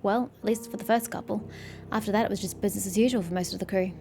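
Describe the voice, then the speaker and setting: A woman's voice: medium pitch, fairly even intonation, fast talker, gravelly, darkish tone, slight background noise, lightly acted. A woman reading the lines of a remorseful male soldier in prison, blunt and swearing freely, with faint game music behind.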